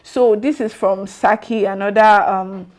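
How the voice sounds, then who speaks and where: A Nigerian woman speaking at a middle pitch, delivering political commentary as she reacts to posts. She talks conversationally, leans on fillers like "um" and "you know", and lets a sarcastic, opinionated edge come through. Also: steady tone, a little slow, a little mellow. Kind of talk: political commentary reading out social media posts.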